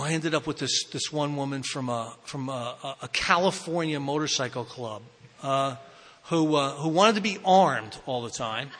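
A man's voice: fairly high pitch, a bit bright. Rambling New man in a hall. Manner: rambling, self-mocking, with frequent fillers and restarts. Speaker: recovery speaker sharing his story. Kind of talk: storytelling talk to a live audience. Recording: reverberant hall.

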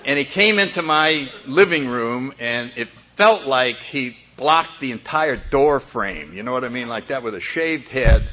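A man's voice: mid-range voice, animated, measured pace, hardly any pauses, sharp tone, slight background noise. An older man telling a humorous personal story as a speaker at a recovery meeting, often chuckling as he talks.

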